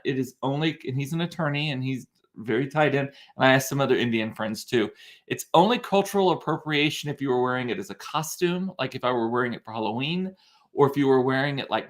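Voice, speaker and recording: A man's voice: medium pitch, a bit bright. A young man, telling a story in a chatty, rambling vlog with plenty of fillers and restarts. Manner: chatty, rambling, with many fillers and self-corrections. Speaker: vlogger.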